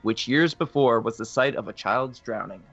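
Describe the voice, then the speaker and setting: A man's voice: medium pitch, moderate pace, a bit bright, dull audio, soft background music. A man co-hosting a podcast in casual chat, wry and teasing, laughing easily. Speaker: podcast co-host.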